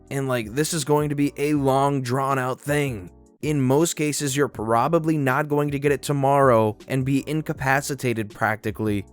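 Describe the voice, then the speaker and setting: Male storyteller, fairly high voice, lively sarcastic read of internet stories over faint music. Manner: animated, sarcastic commentary between stories. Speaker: narrator. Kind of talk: reading reddit stories aloud.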